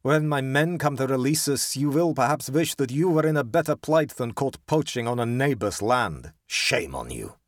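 A proud landowner, stern and clipped, speaking fiercely to his rival, as a man puts him on. The voice swings in pitch and is heard dry and close, as in a storybook reading. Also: animated, normal speed, few pauses, no echo, close to an everyday voice.

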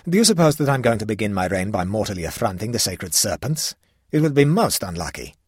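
A man's voice: lowish voice, very animated, fast talker, husky, no echo, studio quality. A man voicing a petulant, hot-tempered young pagan king who talks in an indignant, haughty, sulky way.

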